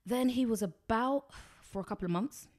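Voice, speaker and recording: A woman's voice: on the high side, moderate pace, darkish tone. A woman, chatting frankly and bluntly as a podcast guest. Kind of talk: casual chat.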